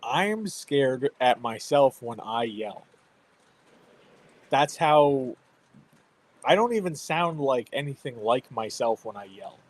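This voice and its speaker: A man's voice: medium pitch, animated, takes it slowly, long pauses, poor audio. A man in his thirties hosting a stream, chatting casually about parenting and laughing often. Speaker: livestream host. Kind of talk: casual chat.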